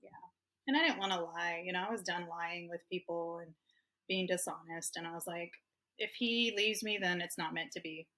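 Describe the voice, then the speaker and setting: A woman's voice: lowish voice, moderate pace, bright, forceful tone. A woman in her fifties from Hawaii, a guest author telling personal stories in an open, emotional way and laughing often. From Hawaii, United States. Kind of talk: candid personal storytelling.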